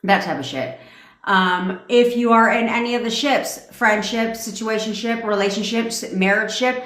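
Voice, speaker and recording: A woman's voice: a little high, moderate pace, a bit bright. A woman manifestation coach in a livestream rant, blunt and profane, talking in a commanding way. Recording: echoey room.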